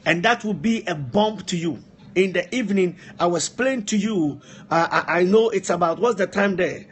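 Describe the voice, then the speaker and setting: High-voiced emphatic male preacher. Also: normal speed, breathy edge. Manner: repetitive, emphatic exhortation, asides to helpers. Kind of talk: live-streamed sermon.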